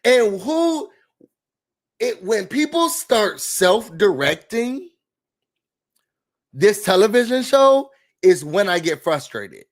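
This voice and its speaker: A man hosting a reality TV recap, ranting casually in an animated, sassy way and cursing freely. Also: high voice, slow pace, long pauses.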